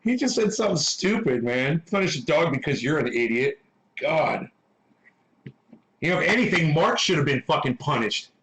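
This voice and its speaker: A man hosting a livestream, ranting at his chat with constant swearing. His voice sits high and swings widely in pitch. The sound is echoey, as if from a bare room. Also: expressive, normal speed, a bit bright. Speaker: livestream host reading chat. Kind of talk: casual livestream rant.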